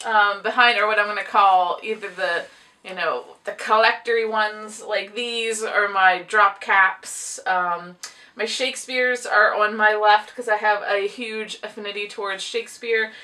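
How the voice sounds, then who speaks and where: A woman's voice: medium pitch, steady tone, measured pace, pushed and bright, far from the mic. A woman chatting casually to camera about her books, rambling and laughing often while chewing gum. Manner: chewing gum, audible clicking. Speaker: book vlogger; teacher of a book publishing class.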